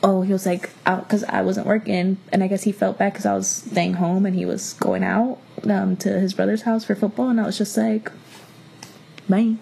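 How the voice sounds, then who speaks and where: A woman's voice: mid-range voice, a little fast, creaky, few pauses, slightly rough. A young woman from Miami co-hosting a podcast, telling stories in a blunt, profane way and acting out what others said. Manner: blunt, profane storytelling with animated quoted voices. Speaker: podcast co-host. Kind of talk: casual chat.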